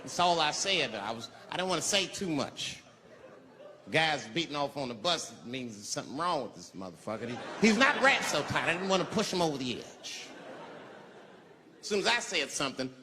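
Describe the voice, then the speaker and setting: A man performing a profane stand-up set, telling a story with animated delivery and shouted character voices. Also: a little high, moderate pace, noisy background. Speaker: stand-up comedian. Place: large live comedy venue. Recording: live venue reverb, loud crowd laughter.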